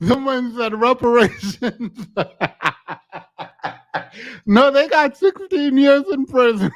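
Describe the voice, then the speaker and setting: A man hosts a casual commentary show, reading news aloud in a high voice. He takes his time and keeps stumbling over restarts. Giggles keep slipping out between lines. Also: expressive, drawn-out words, long pauses. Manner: giggly, hesitant, stammering restarts. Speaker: podcast host.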